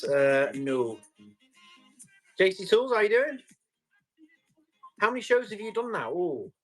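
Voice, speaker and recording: Chatty man selling tools on a live stream. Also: a little high. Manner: chatty, reads out and answers viewer comments; describes items while testing them. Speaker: live-stream tool seller. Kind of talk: casual live auction chat.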